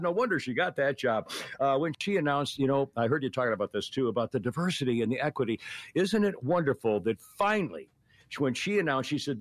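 A man's voice: mid-range voice, animated, fast talker, no room sound. An older man hosting a talk radio show, chatting casually, rambling with sarcastic jokes, frequent laughs and stammered restarts.

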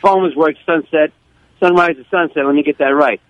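Male caller, somewhat high voice, rambly and friendly. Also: fairly quick, no echo, highs cut off. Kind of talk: call-in radio chat.

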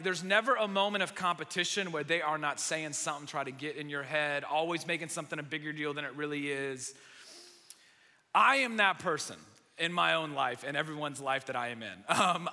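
A young male pastor preaching, his voice bright and forceful with a slightly raised pitch. He tells stories with animated, self-mocking humor. The sound rings with the long reverb of a large hall. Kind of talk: sermon.

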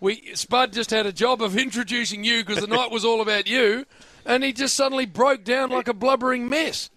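High, bright Australian man stirring playfully. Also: steady tone, fairly quick, dry recording. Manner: playfully stirring, stammers at starts. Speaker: radio co-host. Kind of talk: casual radio banter.

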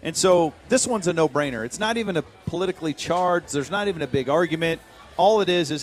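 A man, hosting a radio show, telling a story in lively casual banter and laughing often. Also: fairly high pitch, quick pace.

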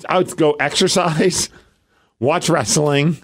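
A man's voice: on the high side, slow pace. A young adult man co-hosting a podcast, trading jokes in casual chat. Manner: jokey, animated banter. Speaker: podcast co-host.

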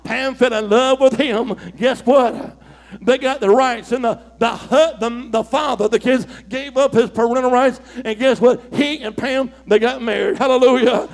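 A middle-aged male preacher telling a story in a fiery sermon, calling for shouts and whooping. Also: very high voice, fairly even intonation, moderate pace. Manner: call-and-response, shouting, whooping.

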